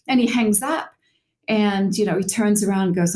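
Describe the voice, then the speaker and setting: A woman's voice: mid-range voice, normal speed, warm tone, echoey room. A woman marriage counselor, a guest on an interview show, earnestly telling stories and acting out the people in them. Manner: earnest, acts out quoted people in anecdotes. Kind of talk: interview storytelling.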